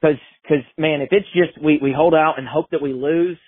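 A man's voice: fairly high pitch, steady tone, normal speed, breathy edge, no room sound. A man in his twenties calling in to a sports show, rambling and exasperated. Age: 20s. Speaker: caller. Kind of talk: phoned-in voicemail. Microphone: phone. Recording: tinny dry phone line.

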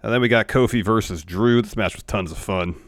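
A man's voice: on the low side, brisk, dry recording, studio quality. A man co-hosting a podcast, recapping wrestling matches in a laid-back way with short agreeing interjections. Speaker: podcast co-host.

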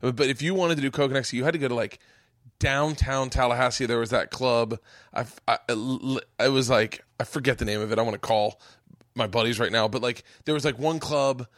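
A man's voice: medium pitch, fairly even intonation, fairly quick, fairly bright tone, no room sound, studio quality. A man in his thirties, a comedian hosting a podcast, chatting casually with lots of interjections and stammered restarts.

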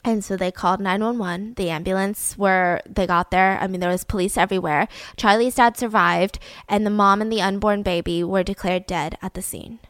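A woman telling a true-crime story in a casual, animated way, swearing and checking in with "right?". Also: mid-range voice, moderate pace, few pauses, no room sound. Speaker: podcast host.

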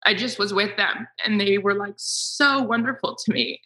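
Poor audio captures a woman sports broadcaster being interviewed as a guest, her mid-range voice sharp in tone and moderate in pace. She's candid and self-deprecating, turning emotional at times and speaking through tears.

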